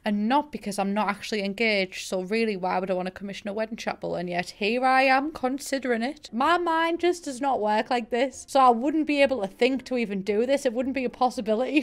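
A woman with a Teesside accent, a game streamer giving casual, excitable commentary and swearing now and then. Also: on the high side. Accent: Teesside English. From Middlesbrough, England.

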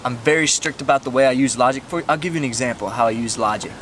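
A man's voice: very fast, fairly bright tone, slight background noise. A young man rambling through an improvised comedy sketch as a goofy salesman, recorded outdoors by a street. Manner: rambling, goofy, high put-on voice early.

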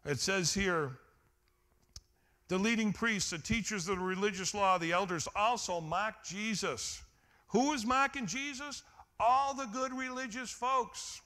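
A man preaching a sermon as pastor, calling out to the congregation and swinging between loud exclamations and quiet emphasis. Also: high-pitched, moderate pace. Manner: calls out to the congregation for responses.

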